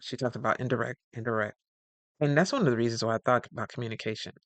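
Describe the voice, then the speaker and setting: A man gives casual advice on communication, wandering through his points and stopping to correct his own words. His voice sits at an ordinary middle pitch, and he breaks into little acted-out exchanges as he goes. The sound is dry and close, with no room echo. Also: fast. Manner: animated, acts out quoted dialogue; rambling with self-corrections. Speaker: communication coach.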